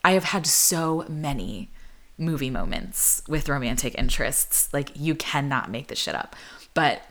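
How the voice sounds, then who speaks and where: Low-voiced chatty woman. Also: animated, unhurried, fairly bright tone. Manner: chatty and candid, full of "like" fillers, laughs often. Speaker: singer-songwriter. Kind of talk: casual storytelling.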